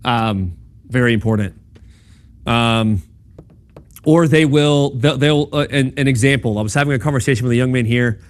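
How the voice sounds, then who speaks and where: Speaking at a moderate pace with frequent pauses, this man has a mid-range voice and delivers a conversational, informal lecture at a campus talk. He checks in with the audience by asking "right?" and "okay?", and he performs the voices of the people he quotes in dialogue.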